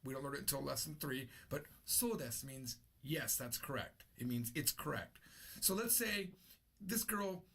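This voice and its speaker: A man's voice: medium pitch, normal speed, gravelly, a bit bright, breathy edge. A man teaching an unscripted language lesson, explaining patiently and repeating his key points. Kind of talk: unscripted classroom-style lesson.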